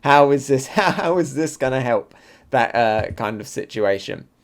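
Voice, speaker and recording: Guy doing a live manga reaction, gets excited then drops low, lots of um and like. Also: measured pace. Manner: excitable, thinks aloud, frequent fillers. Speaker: manga reaction channel host. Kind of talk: live comic reaction and review.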